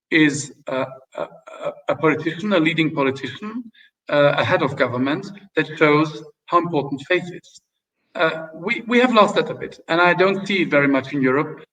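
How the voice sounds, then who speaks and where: A man's voice: fairly high pitch, fairly bright tone. A man telling stories as an interview guest, hesitant with many fillers and restarts, in a casual way. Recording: distant, dull lo-fi sound.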